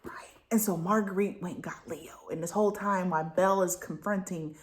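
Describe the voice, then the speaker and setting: A woman's voice: fairly low pitch, a little fast. Lady on her book channel, chatty and gushy, retelling chapters all worked up. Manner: excitable, gushing storyteller. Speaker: book review vlogger. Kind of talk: casual book recap chat.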